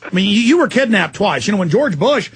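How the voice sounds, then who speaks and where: A man hosting a talk radio show, forceful and emphatic, cutting in on his guest. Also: high voice, big pitch swings, fairly quick.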